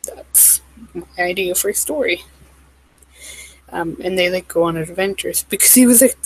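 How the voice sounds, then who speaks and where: A woman's voice: medium pitch, husky, no room sound, rough recording. Rambling young woman, dry close voice. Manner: rambling, full of "like" and "um", quick asides and apologies. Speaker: vlogger. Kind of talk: casual rambling monologue.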